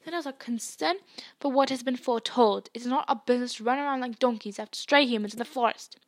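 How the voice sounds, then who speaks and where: A stern centaur scolds in fury, as a woman reader puts him on in an audiobook-style reading. The voice is raised and loud, pitched somewhat high. The sound is dry and close. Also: fast, dry recording, close to an everyday voice. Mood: angry. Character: angry stern male centaur, thundering.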